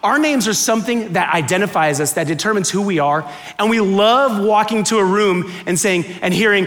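A man in his thirties or forties from the United States, telling funny stories in a chatty, animated talk to a live, clapping audience. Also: high voice, normal speed. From United States (Miami). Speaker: speaker giving a talk.

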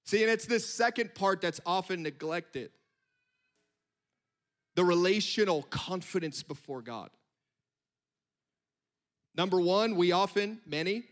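High-voiced animated male preacher. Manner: animated, conversational preaching with quick asides. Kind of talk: sermon.

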